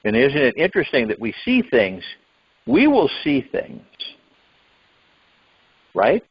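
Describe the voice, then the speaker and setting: Husky man musing on a phone call. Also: medium pitch, huge pitch swings, slow pace. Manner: rambling, musing, with sudden rises into acted quotes. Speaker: meditation call host. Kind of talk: spiritual talk on a phone-in meditation call. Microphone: phone line. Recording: dull lo-fi phone call audio.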